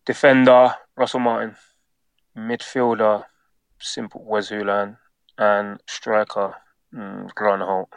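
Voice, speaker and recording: A man's voice: lowish voice, slow pace, vocal fry, clear, resonant tone, no room sound. A middle-aged man from England, a former footballer, telling a casual anecdote and acting out the quotes in it. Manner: animated storyteller, acts out quotes.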